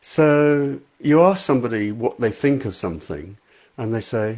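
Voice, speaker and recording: A man's voice: mid-range voice, animated, moderate pace, darkish tone. A middle-aged English man chatting casually with live viewers as an author, reading out their comments. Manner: chatty, self-deprecating, reads out viewer comments. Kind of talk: casual live-stream chat.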